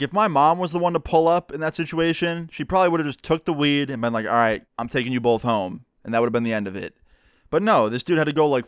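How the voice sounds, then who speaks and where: Smooth-voiced young man telling a story. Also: medium pitch, no echo, studio quality. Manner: profane, animated retelling with quoted dialogue. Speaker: YouTuber. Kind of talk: casual storytime monologue.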